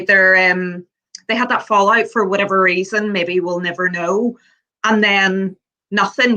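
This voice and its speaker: Earnest bright-voiced woman on football. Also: mid-range voice, rough recording. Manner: earnest, thinks aloud with restarts. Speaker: podcast co-host. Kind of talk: casual football banter.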